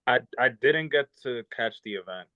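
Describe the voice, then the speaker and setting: A man's voice: mid-range voice, animated, normal speed, no echo. A man chatting casually on a podcast, mostly giving short replies and reactions. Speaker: podcast co-host. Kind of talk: casual chat. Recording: tinny, dry, narrow-band sound.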